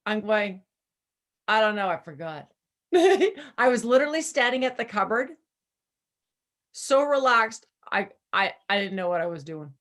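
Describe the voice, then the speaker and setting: A woman's voice: on the high side, expressive, measured pace. A woman chatting casually on a video call, telling stories and coaching people through steps, laughing often. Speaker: presenter guiding users. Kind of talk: casual chat.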